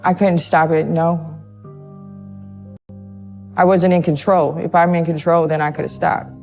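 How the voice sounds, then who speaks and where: A nervous woman speaks haltingly in an interview, often repeating her words as she tells her account. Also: fairly low pitch, little pitch movement, vocal fry, darkish tone, soft background music. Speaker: interviewee in a true crime documentary. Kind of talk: emotional interview testimony.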